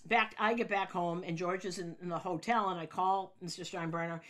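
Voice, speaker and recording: Animated woman. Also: a little fast. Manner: animated storyteller, acts out quotes with sudden loud high bursts. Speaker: sports radio broadcaster telling a story. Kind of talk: interview anecdote.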